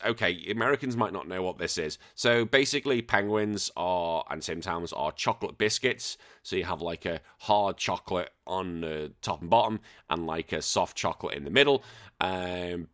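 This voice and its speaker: A man's voice: sits low, a bit bright. Ranting, sweary man. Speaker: podcast host. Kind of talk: casual chat.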